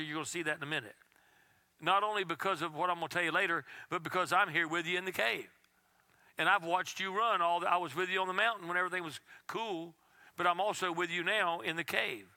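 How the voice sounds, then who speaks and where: A man preaching a sermon as pastor, reading scripture aloud and at times dropping his voice to a hush. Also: high-pitched, a little fast. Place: church.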